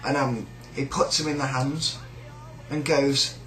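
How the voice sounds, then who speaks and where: A man's voice: medium pitch, flat delivery, a little slow, pushed and bright, reverberant, faint music behind, poor audio. A man with a British accent ranting in a sneering, rambling, sweary way about a coworker. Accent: British English. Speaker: shop worker. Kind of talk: casual rant.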